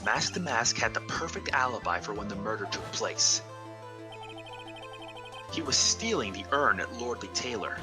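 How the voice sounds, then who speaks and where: A man's voice: on the low side, lively intonation, moderate pace, pauses often, music in the background, close to an everyday voice. A man playing an earnest young defense lawyer. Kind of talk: fan voice acting of a game.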